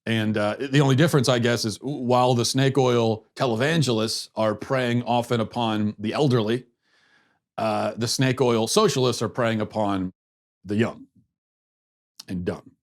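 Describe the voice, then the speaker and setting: A man's voice: mid-range voice, fairly even intonation, a little slow. A man hosting a political commentary podcast, talking in a sarcastic, mocking way with frequent restarts and repeated words. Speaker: host.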